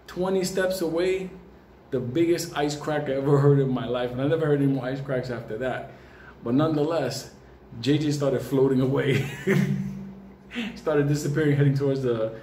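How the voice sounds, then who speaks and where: A man tells a comic story, swearing freely and breaking into laughter. His voice sits a little high for a man. The room is echoey, with a faint murmur of ambience behind him. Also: slight background noise. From New York. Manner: profane, animated, laughs often.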